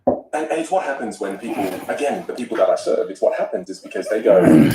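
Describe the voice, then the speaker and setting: A man talking as a vocal coach in a podcast conversation, animated and acting out example voices. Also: fairly low pitch, brisk, roomy sound, distant mic, noisy background.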